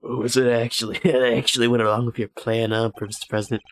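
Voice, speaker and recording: A man's voice: mid-range voice, level tone, fast talker. A man streaming a game, reading its dialogue aloud with frequent laughter, swearing and side jokes.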